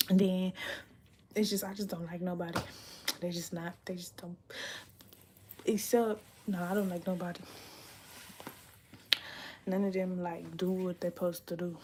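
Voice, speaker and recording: Against a noisy background, this livestream host speaks in a lowish voice. She's a young adult woman chatting casually and confessionally, profane and direct, wandering from thought to thought and occasionally slipping into a whisper.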